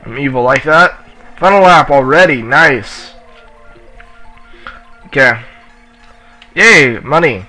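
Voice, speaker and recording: A man giving casual let's play commentary while racing, excitable and yelling at the racers in the game, with a sore throat. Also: mid-range voice, slow pace, pauses often, soft background music, rough recording. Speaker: gamer playing on his channel.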